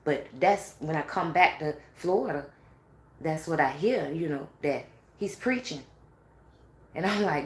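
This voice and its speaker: A woman tells a spiritual story as a loose, animated monologue. She cusses freely and breaks into laughing asides. Her voice sits a little low and rings in an echoey room.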